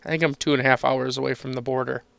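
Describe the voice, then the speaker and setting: A man's voice: mid-range voice, little pitch movement, rapid-fire, creaky, a bit bright, no echo. A man chatting casually while sorting through coins, easygoing and chatty, chuckling between remarks. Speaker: coin collector streaming a penny hunt.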